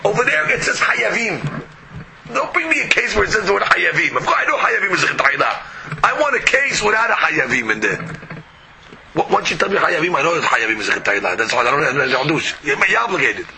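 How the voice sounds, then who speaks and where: A man's voice: a little high, big pitch swings, a little fast, vocal fry, sharp tone, a little hiss or hum, rough recording. A man teaching a Talmud class, arguing both sides with rhetorical questions.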